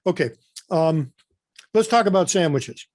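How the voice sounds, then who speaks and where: A man leading a webinar in a relaxed, conversational way, stopping often for fillers and self-corrections. His voice sits a little high for a man. It comes through close and dry, with no room sound. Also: measured pace, no echo. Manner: loose and conversational, with many fillers and restarts. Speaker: webinar presenter. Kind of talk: informal webinar presentation.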